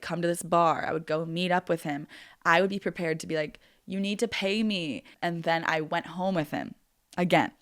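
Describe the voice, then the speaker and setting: A woman's voice: fairly low pitch, no echo, studio quality. A woman in her twenties hosting a podcast, telling a personal story in a chatty way and peppering her talk with "like". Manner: chatty, heavy use of "like", acts out quoted voices. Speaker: podcast host. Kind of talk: casual storytelling.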